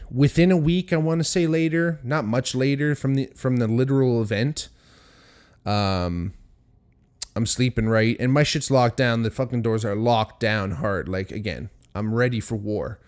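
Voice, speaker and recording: A man's voice: fairly low pitch, a little mellow, clear, resonant tone. A young man hosting a podcast, telling a story in a rambling, profane, worked-up way. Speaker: podcast host. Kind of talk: casual storytelling monologue.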